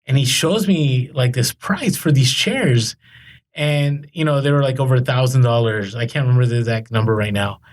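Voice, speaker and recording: A man's voice: mid-range voice, moderate pace. A man co-hosting a podcast, telling rambling stories in casual chat with lots of fillers and restarts. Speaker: podcast co-host.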